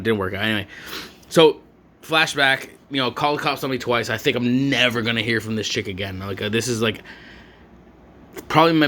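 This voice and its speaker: A young man vlogging a long, rambling story about an ex. He swears freely and leans on slang and filler words. His delivery is loose and conversational, with a middling pitch for a man. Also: a bit bright.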